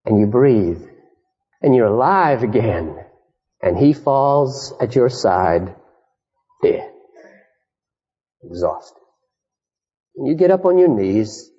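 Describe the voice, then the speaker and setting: A man preaching an impassioned sermon, swinging from high urgent cries to hushed storytelling. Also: very animated, takes it slowly, slightly rough. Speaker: pastor. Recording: dull, echoey 1980s church sermon recording.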